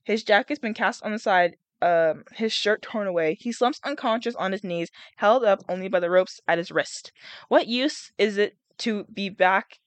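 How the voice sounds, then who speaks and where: A woman's voice: mid-range voice, moderate pace, no room sound. A young woman reading a novel aloud and breaking off to chat and react, with laughs and groans between passages. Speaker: reader and vlogger.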